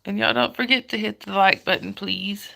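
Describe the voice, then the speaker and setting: A woman from Georgia with a Southern US accent hosts a casual livestream, reading viewer comments, greeting viewers by name and laughing often in a chatty way. Her mid-range voice is creaky, pushed and bright, with fairly even intonation at normal speed.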